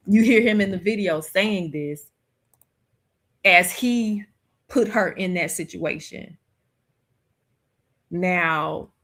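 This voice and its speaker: Slow-talking woman streamer, low voice. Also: fairly bright tone. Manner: slow, reflective, conversational with many fillers. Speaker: streamer host. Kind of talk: casual livestream commentary.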